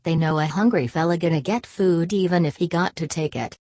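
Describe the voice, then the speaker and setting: A woman's voice: fairly low pitch, fairly quick, a little mellow, dry recording, lightly acted. A woman reading the part of a weary migrant father who speaks in a plain, bitter drawl, in an audiobook.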